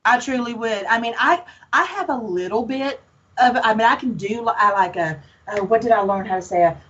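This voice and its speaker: A woman's voice: a little high, expressive, moderate pace, fairly bright tone, muffled recording. A woman from Alabama with a Southern accent, talking as a guest in a casual chat, outspoken and folksy. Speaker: podcast guest, paranormal investigator.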